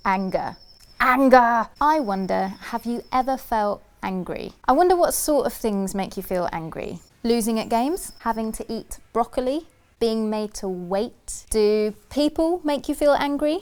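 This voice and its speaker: Woman giving a gentle kids' talk. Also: a little high, lively intonation, measured pace. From United Kingdom. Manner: gentle, questioning, rhythmic repetition. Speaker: children's church presenter.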